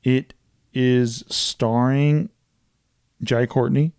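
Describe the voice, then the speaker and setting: Man, casual podcast chat, profane, animated storytelling, mid pitch, mellow dark tone, dry sound. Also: drawn-out words, clean tone, dry recording. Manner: profane, animated retelling of movie plots. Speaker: podcast co-host.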